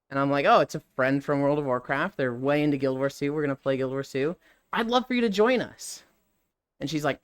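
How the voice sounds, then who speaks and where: A man's voice: a little high, expressive, a little fast, clean tone, no echo. A man in his thirties, a streamer telling a story in casual talk, swearing freely and acting out the people he quotes.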